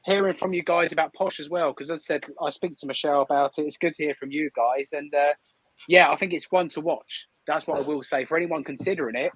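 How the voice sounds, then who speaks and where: A man's voice: fairly high pitch, fast talker, a bit bright, husky, no echo, rough recording. Chatty male livestream host. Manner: chatty, teasing. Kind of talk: casual livestream chat.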